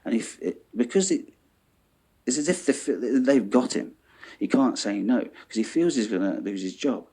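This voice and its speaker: A man ranting in an animated monologue, swearing and checking in with "yeah?". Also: medium pitch, moderate pace, breathy edge. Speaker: vlogger.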